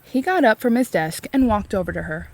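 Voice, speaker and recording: A woman reading a chapter book aloud for a read-along, expressive and explaining the story in simple terms. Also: mid-range voice, a little fast.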